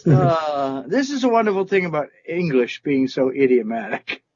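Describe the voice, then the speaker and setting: A man's voice: on the high side, very animated, normal speed, darkish tone, slight background noise. Guest man on video call, playful, wordplay lover, muffled lo-fi line. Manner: playful, fond of wordplay and idioms. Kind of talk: casual chat.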